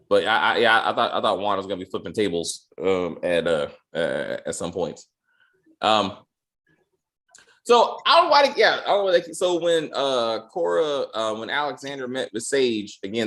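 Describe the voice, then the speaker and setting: Animated casual man reviewing a show. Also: mid-range voice, fairly quick. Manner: animated, joking, loose slang. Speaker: podcast host reviewing a TV episode.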